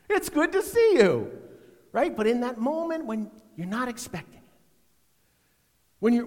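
A middle-aged man preaching a sermon, swinging between loud emphasis and hushed, almost whispered lines. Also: high voice, in a large hall. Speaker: pastor.

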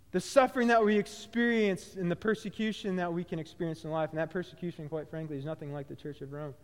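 A man preaching a sermon, animated, with loud bursts that drop to quiet low phrases and frequent restarts. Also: long reverb tail. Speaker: pastor.

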